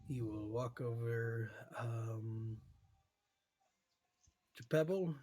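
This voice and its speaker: A man's voice: mid-range voice, drawn-out words, mellow. A man playing in a tabletop game, describing his character's actions in a hesitant way with frequent trailing off. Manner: hesitant, trails off, many fillers. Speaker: player. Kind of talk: tabletop role-play chat.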